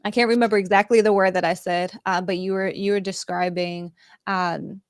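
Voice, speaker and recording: A woman's voice: medium pitch, steady tone, brisk, dry recording, clean studio sound. A woman hosting the interview, talking with frequent hesitations while asking questions and framing topics. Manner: hesitant, many fillers and restarts. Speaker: host, workplace and construction industry. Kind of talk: conversational interview.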